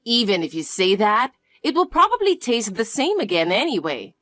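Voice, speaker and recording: A woman voicing a harsh, scornful mother-in-law who talks in a slow, cold, cutting way. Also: a little high, huge pitch swings, fairly bright tone, no room sound, clean studio sound. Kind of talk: dramatized story dialogue.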